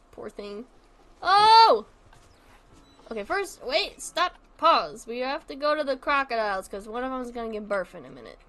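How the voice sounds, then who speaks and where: A woman with a slightly high, bright, pushed voice streams a zoo-building game at a moderate pace, her pitch swinging widely. She's rambling and chatty, frequently trailing off, starting over, and dropping casual swears.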